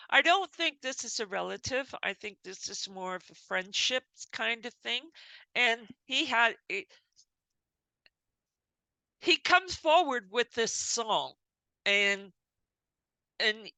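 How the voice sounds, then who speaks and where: A woman medium relaying spirit messages to an audience, talking in halting phrases with many restarts. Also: medium pitch, bright, forceful tone, no room sound. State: tearful at times.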